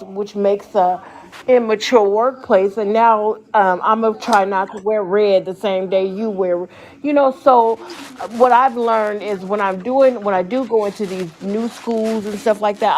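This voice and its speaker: An American woman, a schoolteacher by trade, talking casually with friends on a podcast. She tells stories with animation and slips into the voices of the people she describes, with a middle-of-the-road pitch. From United States. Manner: animated storyteller who acts out others' lines. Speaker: podcast co-host, school teacher. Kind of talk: casual chat.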